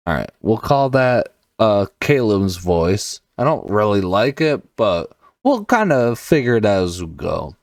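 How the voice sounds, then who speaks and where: A man's voice: lowish voice, very animated, a little slow, few pauses, no echo, studio quality, distant mic. A man hosting a podcast, casually thinking aloud while setting up a tabletop game. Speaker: podcast host and solo game player.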